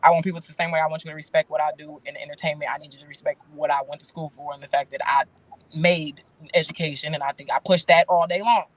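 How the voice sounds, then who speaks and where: A woman's voice: low voice, steady tone, fast. Blunt, slangy woman in her thirties. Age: 30s. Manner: candid, blunt slangy talk. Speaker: guest. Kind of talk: casual chat.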